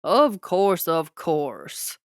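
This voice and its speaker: Woman doing a booming Texan president. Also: big pitch swings, extremely slow, no echo, clean studio sound, exaggerated voice. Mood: folksy. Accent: Texas twang, put on. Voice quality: booming, a little raspy. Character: booming older American male president, folksy.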